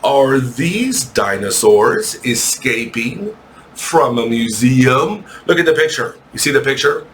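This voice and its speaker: Man, English teacher, slow and deliberate, jokey with kids; faint noise behind. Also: mid-range voice, animated, fairly bright tone. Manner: joking, playful asides; spells and repeats words slowly. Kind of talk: classroom lesson reading aloud.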